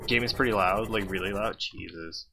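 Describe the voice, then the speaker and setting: Lowish guy doing let's-play chatter, jokey rambling, game noise loud in the back. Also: moderate pace, vocal fry. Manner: rambling, joking asides. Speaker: gamer. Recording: loud game sounds behind.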